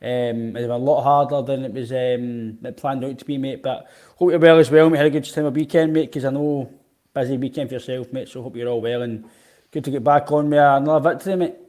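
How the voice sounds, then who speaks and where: A man's voice: medium pitch, fairly even intonation, brisk, darkish tone. Easygoing Scottish man, rambling chat. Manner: easygoing, rambling, says mate constantly. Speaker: podcast co-host. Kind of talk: casual football podcast chat.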